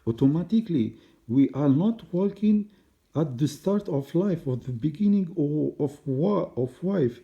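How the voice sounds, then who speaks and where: Solo commentator, male; slow, hesitant non-native English with fillers, dark tone, muffled lo-fi recording. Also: a little high, lively intonation, vocal fry. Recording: dull lo-fi recording.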